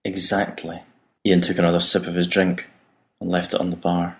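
A man narrating an audiobook in an even, measured reading. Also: low-pitched.

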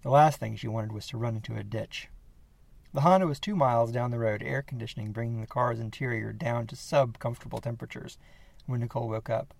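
A man narrating a horror story in a steady, measured reading voice. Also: mid-range voice, gravelly, dry recording.

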